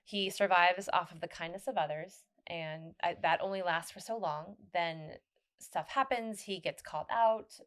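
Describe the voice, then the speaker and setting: A woman with a fairly low voice hosts a loose, casual podcast chat. She rambles animatedly, stops and restarts her sentences often, and breaks into laughter. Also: moderate pace, smooth. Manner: rambling, many restarts and fillers. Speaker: podcast host.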